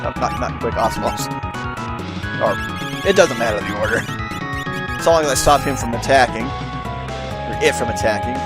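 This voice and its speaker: A man casually commentating on his own gameplay in a relaxed, chatty, self-mocking way. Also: mid-range voice, moderate pace, pauses often. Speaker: let's play host. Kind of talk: let's play commentary. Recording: loud game music behind.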